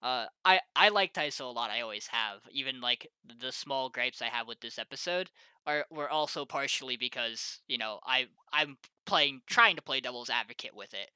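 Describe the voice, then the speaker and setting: Young male host, easygoing, crisp and dry. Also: medium pitch, animated, moderate pace, bright, forceful tone, no room sound. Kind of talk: casual chat.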